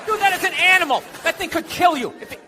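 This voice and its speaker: A man's voice: extremely high pitch, lively intonation, fast, pushed and bright. A male American stand-up comedian doing a sarcastic, swearing rant in a comedy club, with a handheld stage mic. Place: comedy club stage before a laughing crowd. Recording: live club recording with crowd noise.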